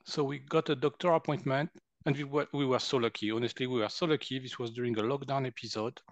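Animated French man telling stories. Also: mid-range voice, fast, dry recording. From France. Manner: animated, acts out quotes, laughs often. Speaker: guest, energy healer. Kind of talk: personal storytelling in conversation.

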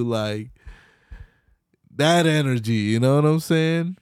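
Young male podcast host, profane and animated, mid-pitched voice, dry close mic. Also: takes it slowly, pauses often, clear, resonant tone, no echo. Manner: profane, animated, slangy, laughs often. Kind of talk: casual solo podcast rant.

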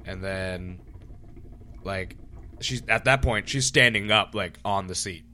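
A man's voice: sits low, slow, pushed and bright, a little hiss or hum. A man casually telling a story from his bartending job, acting out rude customers in raised voices. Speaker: podcast co-host, bartender.

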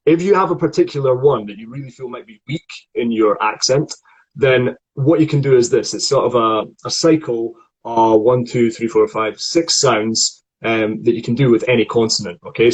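A man's voice: medium pitch, normal speed, breathy edge, rough recording. A man leading a voice lesson, guiding a student through tongue and articulation exercises and demonstrating the sounds himself. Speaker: voice coach. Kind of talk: guided vocal warm-up lesson.

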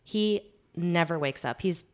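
A middle-aged woman hosting a casual podcast, telling a story with a lot of laughter and going quiet at the embarrassing parts. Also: on the low side, measured pace. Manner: animated storyteller, laughs often, drops to a hushed voice at the embarrassing parts. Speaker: podcast host.

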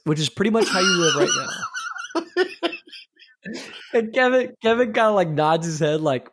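A man's voice: high voice, huge pitch swings, normal speed, long pauses, a bit bright, husky. A man in casual chat, laughing as he acts out lines from favorite sitcom scenes.

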